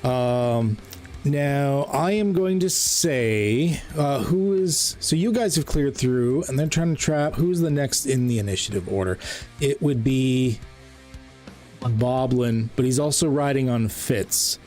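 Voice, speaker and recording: A man acting as game master of a tabletop role-playing game. He rambles, often pausing with ums and correcting himself mid-sentence. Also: mid-range voice, a little mellow, faint music behind. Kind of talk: running a tabletop game online.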